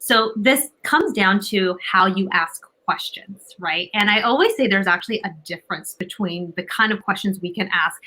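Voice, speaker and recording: A woman speaking as an expert guest with a bright, forceful tone. She explains her points confidently and emphatically, often tagging sentences with a quick "right?". Her delivery is instructive and direct. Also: mid-range voice, rough recording. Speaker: communication coach guest. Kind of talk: advice-giving interview talk.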